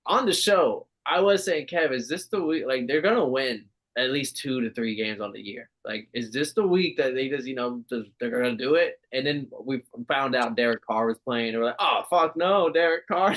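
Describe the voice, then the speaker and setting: A man co-hosting a podcast, chatting casually about football, swearing and laughing as he talks. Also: medium pitch. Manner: animated, swearing, laughing often. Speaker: podcast co-host. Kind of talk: casual sports chat.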